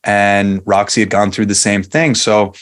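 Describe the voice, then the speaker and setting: A man in his forties from Long Island, New York, speaks with a fairly low voice as a podcast guest. He tells his story casually, with frequent fillers and restarts. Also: level tone, unhurried, a bit bright. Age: 40s. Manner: conversational, many fillers and restarts.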